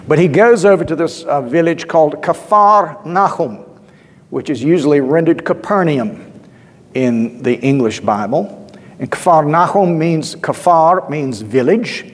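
A male pastor giving a sermon in a conversational, storytelling way, with asides and filler words. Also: on the high side. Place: church. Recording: long church reverb.

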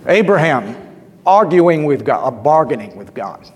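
A man's voice: a little high, big pitch swings, measured pace, breathy edge. A male pastor giving a sermon in a conversational, storytelling way, with asides and filler words. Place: church. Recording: long church reverb.

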